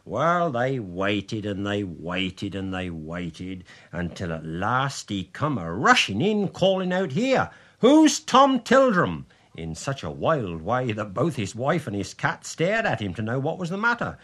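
A man narrating a spooky folk tale in a lively, expressive way with folksy dialect. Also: lowish voice, measured pace, hardly any pauses. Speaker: storyteller.

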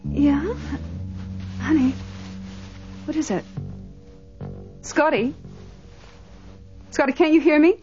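A woman's voice: fairly high pitch, animated, normal speed, pauses often, faint music behind, natural voice. An actress playing a worried mother, anxious and urgent as she tends to her hurt son. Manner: anxious, urgent, soft-spoken. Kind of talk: film drama acting. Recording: dull muffled film audio.

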